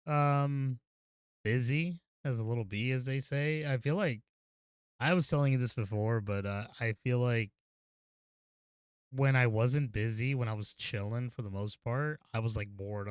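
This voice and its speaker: Young male co-host, clean smooth tone, chill and easygoing chatter. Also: mid-range voice, unhurried, dry recording, clean studio sound. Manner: laid-back, says "dude" a lot. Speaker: podcast co-host. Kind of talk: casual gaming podcast chat.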